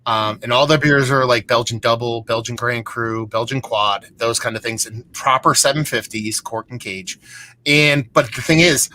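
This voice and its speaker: A man's voice: medium pitch, normal speed, bright, forceful tone. A man from Pennsylvania hosting a casual live beer chat, telling a long rambling story with plenty of restarts and swearing. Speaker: beer show host.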